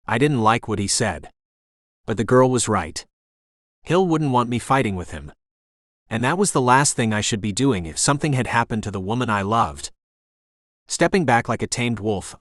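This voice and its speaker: A man narrating a romance audiobook in the first person with steady, intense storytelling on a close studio mic. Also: lowish voice, dry recording.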